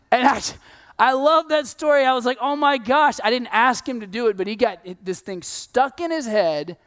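Animated, high-voiced man preaching. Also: normal speed, clear, resonant tone. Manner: conversational, animated storytelling with laughs and acted quotes. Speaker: pastor. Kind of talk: sermon.

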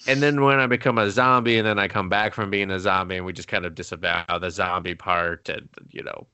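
Bright, dry-sounding sarcastic podcast host. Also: male voice, low-pitched, fairly even intonation, a little fast, clear, resonant tone, no echo. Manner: sarcastic, joking. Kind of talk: casual chat.

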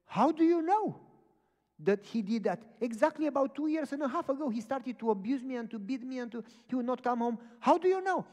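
A male preacher voicing a loud, incredulous woman passenger in a retold story. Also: animated, a little fast. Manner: loud, high-pitched, disbelieving questions. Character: shrill, incredulous middle-aged woman passenger. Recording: long hall reverb.

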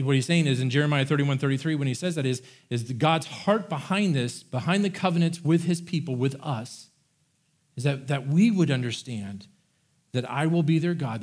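A middle-aged male pastor delivers a sermon in an easygoing, conversational manner. His voice sits at an ordinary mid pitch. He drifts into everyday phrasing when retelling scripture. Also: a little mellow. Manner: conversational, paraphrases scripture in a casual voice.

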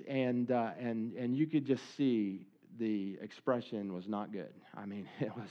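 A man's voice: medium pitch, moderate pace, hardly any pauses, highs cut off. Earnest man telling a story sermon. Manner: conversational, earnest, many restarts and quoted dialogue. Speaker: speaker at a church service.

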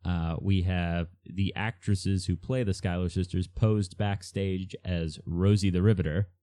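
Very deep-voiced male podcast host. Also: fairly even intonation, measured pace, dark tone. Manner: hesitant, many uhs, reads out quiz items. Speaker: podcast co-host running a quiz. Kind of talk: casual chat.

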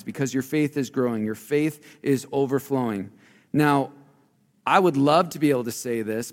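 A pastor giving a conversational sermon, shifting between loud emphasis and quiet, low asides. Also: male voice, long reverb tail.

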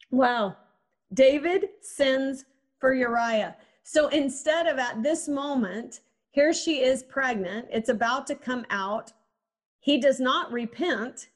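A woman delivering a sermon in an easy, conversational way. Her voice sits a little high, and she keeps wondering aloud and posing questions to her listeners. Now and then she acts out the people in her story. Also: slow pace. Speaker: preacher.

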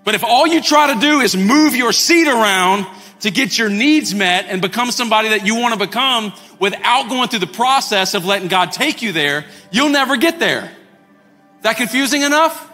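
A pastor delivering a lively sermon to his congregation, acting out quoted voices and repeating words as he builds his points. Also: sits high, moderate pace. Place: church sanctuary. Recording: long hall reverb, faint music.

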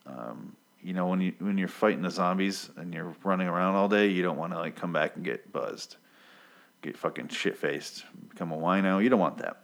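A man's voice: sits low, normal speed, vocal fry, fairly bright tone. A young man casually recapping a TV episode off the cuff, rambling, swearing freely and losing track of names. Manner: rambling, profane, loses his place.

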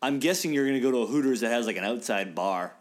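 A man's voice: medium pitch, animated, fast. A man co-hosting a casual podcast chat, rambling with lots of filler and dry jokes. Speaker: podcast co-host.

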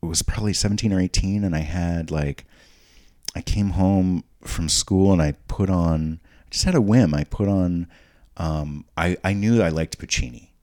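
A podcast guest with a remarkably deep, low voice tells family stories in a loose, casual way. He rambles, doubles back and restarts mid-sentence as he goes. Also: moderate pace, a little mellow. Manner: rambling, frequent restarts and asides. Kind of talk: casual storytelling.

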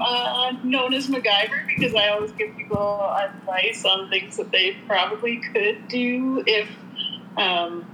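A woman's voice: a little high, sharp tone, slight background noise, poor audio. A woman with a Canadian accent, chatting casually on a podcast in a laid-back way, with fillers and easy laughs. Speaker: podcast co-host. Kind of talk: casual chat.

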